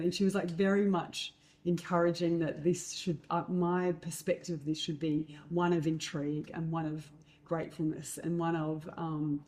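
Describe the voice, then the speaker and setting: A woman telling stories in a casual chat, lively and acting out other people's lines. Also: moderate pace. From Australia. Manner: animated storyteller, acts out quotes in a higher voice. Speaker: host.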